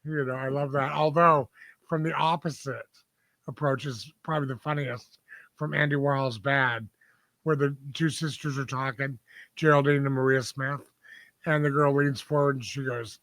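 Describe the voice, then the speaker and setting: A man's voice: mid-range voice, steady tone, normal speed, a bit bright, dry recording. A man, chatting as a podcast guest in a rambling, laid-back way, laughing often. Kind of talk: casual chat.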